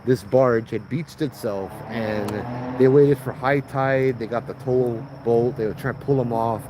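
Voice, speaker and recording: A man's voice: medium pitch, steady tone, a little slow, background noise. A man with a Hawaiian Pidgin accent, from Hawaii, telling ghost stories in a loose, laughing, slangy way outdoors at night by a road. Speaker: ghost story host. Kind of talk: casual storytelling livestream.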